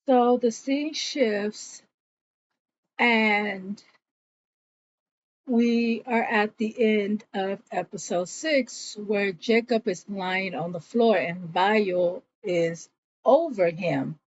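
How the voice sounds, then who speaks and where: Here a woman with a mid-range voice speaks extremely slowly, casually recapping a TV episode and acting out pieces of the characters' lines as a reviewer. The recording is muffled, with a little hiss or hum.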